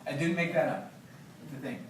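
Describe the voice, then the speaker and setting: A man, an author, telling stories and reading his book aloud to a library discussion group in an animated, laughing manner. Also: fairly high pitch, brisk, a little hiss or hum. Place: library meeting room. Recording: roomy, distant, faint background.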